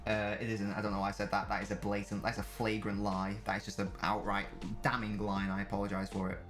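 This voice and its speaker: A man's voice: on the low side, monotone, fast, fairly bright tone, faint music behind. A young man chatting casually on a live stream, joking and reading out viewers' messages. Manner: chatty, jokey, reads chat aloud.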